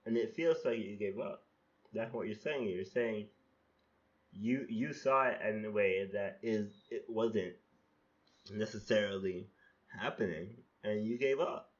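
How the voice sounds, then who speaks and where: A man's voice: fairly low pitch, measured pace, muffled recording. A man hosting a podcast, talking casually and critically about his past self, rambling with restarts and casual swearing. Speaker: podcast host reflecting on his own poems. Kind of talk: casual reflective monologue.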